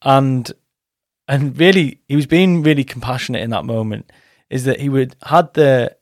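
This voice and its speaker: A man's voice: mid-range voice, normal speed, no room sound, clean studio sound. A man hosting a podcast, telling a story in a frank, blunt way with some coarse words. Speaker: podcast host and men's coach. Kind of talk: casual podcast monologue.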